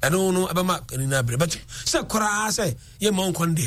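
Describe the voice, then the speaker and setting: A middle-aged Ghanaian man in a casual discussion, telling animated stories and switching between English and Twi. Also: high-pitched, normal speed.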